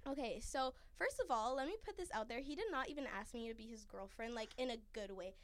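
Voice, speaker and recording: A young woman with a fairly high voice hosts a casual chat. She talks bluntly, swears freely and reacts quickly with exclamations. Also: fairly bright tone, no room sound.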